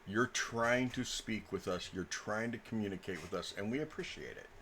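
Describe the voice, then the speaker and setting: A man's voice: lowish voice, normal speed, a bit bright, a little hiss or hum. A man serving as game master, chatting casually and rambling through a story with lots of fillers. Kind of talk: casual table chat between game sessions.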